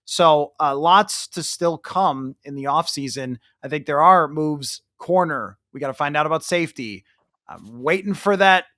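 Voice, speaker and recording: A man hosts a casual sports podcast, speaking in a fairly high voice on a dry, close microphone. He talks animatedly and breaks into playful mock voices when quoting fans. The room sound is tight, with no echo. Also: measured pace, bright, forceful tone. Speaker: podcast host.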